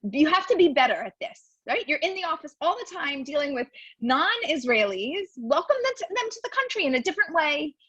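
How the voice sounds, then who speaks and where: A woman in her forties chatting in an interview, telling animated stories and acting out quotes. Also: sits high, a little fast, no echo. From United States. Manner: animated storyteller, acts out quotes. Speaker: guest, new immigrant. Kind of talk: casual interview chat. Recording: dull dry lo-fi sound.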